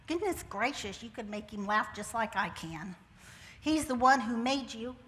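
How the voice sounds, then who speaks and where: A woman's voice: fairly high pitch, expressive, normal speed, a bit bright. Older woman giving a folksy church testimony. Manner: folksy and humorous, with Southern turns of phrase. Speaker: church speaker sharing testimony. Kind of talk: personal testimony to a congregation. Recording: church hall with long reverb.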